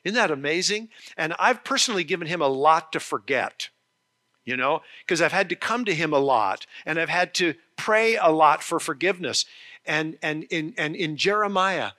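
A man preaching a sermon, earnest and explanatory, slowing down on key phrases and often restarting his sentences. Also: fairly high pitch, bright, forceful tone. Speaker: pastor.

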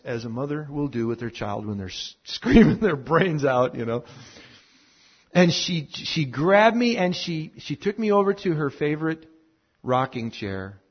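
A man preaching a sermon full of personal stories, animated at moments and then dropping to a hushed tone. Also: a little high, dull audio. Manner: animated storyteller who drops to a hushed tone. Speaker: pastor.

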